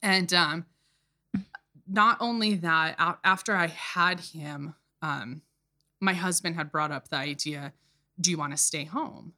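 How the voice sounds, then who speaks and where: A woman in her thirties, a podcast guest in casual chat, speaking candidly with frequent laughs and halting restarts. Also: low-pitched, sharp tone. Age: 30s.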